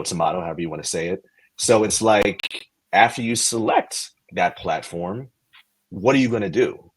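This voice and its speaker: Low husky man explaining. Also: poor audio. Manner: animated explainer, walks through steps with questions. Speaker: podcast guest, tech career consultant. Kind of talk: casual podcast conversation.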